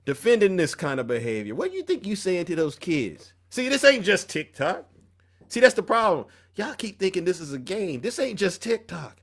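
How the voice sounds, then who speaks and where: Confrontational and preachy, this live stream host rants heatedly about politics and calls out people in his chat. His voice is a little high and a bit bright.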